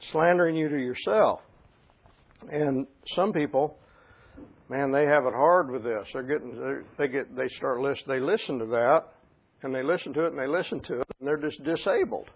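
A middle-aged man preaching with a somewhat high, husky voice. He drops to a hushed, conversational tone for stories, then builds to loud, emphatic declarations. The recording sounds thin and tinny, like a phone line. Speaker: pastor. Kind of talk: sermon.

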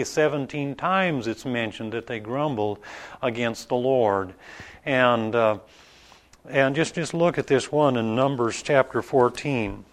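A man preaching an informal Bible study in a conversational, halting way, with many restarts and asides. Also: medium pitch. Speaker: pastor.

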